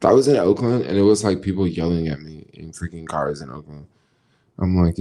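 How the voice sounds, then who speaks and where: Low gravelly laid-back American man. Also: brisk, warm tone. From United States. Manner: laid-back and slangy, thinks aloud. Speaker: vlogger reading viewer comments. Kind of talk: casual livestream chat.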